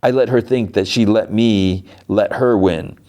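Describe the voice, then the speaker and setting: An amused, boastful time-traveling hero, as a man puts him on during a retelling. His voice lifts a little above its usual low register as he brags. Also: a little slow, mellow, close to an everyday voice.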